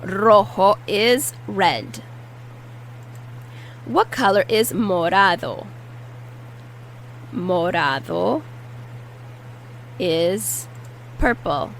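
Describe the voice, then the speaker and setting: A woman's voice: medium pitch, lively intonation, extremely slow, pauses often, slight background noise, low-quality recording. A woman teaching a language lesson, patiently repeating each word and explaining how to pronounce it. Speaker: Spanish teacher. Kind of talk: vocabulary lesson with repetition drills.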